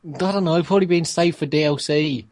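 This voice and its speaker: A man's voice: fairly high pitch, brisk, darkish tone. A man co-hosting a podcast, impatient and teasing in casual chat. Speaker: podcast co-host.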